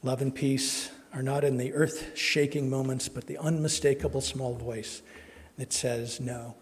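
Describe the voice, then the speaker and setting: Male minister, earnest sermon storytelling, mid-pitched, in a reverberant sanctuary. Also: level tone, a little slow. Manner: earnest, emotional storytelling with soft quoted voices. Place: church sanctuary. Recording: long hall reverb.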